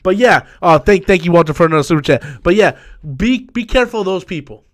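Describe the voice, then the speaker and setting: A man hosting a live stream, talking casually and profanely, repeating himself and quickly flaring into angry rants at viewers. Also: high voice, expressive. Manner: profane, repetitive, quick to anger. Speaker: livestream host.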